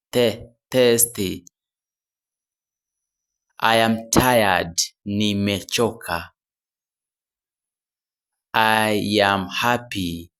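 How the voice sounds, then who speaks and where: A low-voiced man teaching a beginner language lesson at an extremely unhurried pace. He says each short phrase slowly and often twice, then gives its translation. Now and then he stops to correct himself mid-phrase. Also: a bit bright. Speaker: English teacher.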